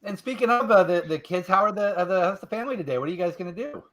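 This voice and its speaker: A man's voice: sits high, lively intonation, racing, fairly bright tone. A man hosting a casual chat on a video call, friendly and asking the guests questions. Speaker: host.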